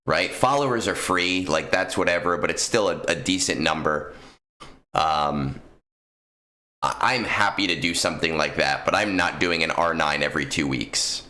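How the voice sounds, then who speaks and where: Deep-voiced, rambling male game streamer. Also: bright, forceful tone. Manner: rambling, filler-heavy, talks to chat. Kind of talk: casual gaming stream chat.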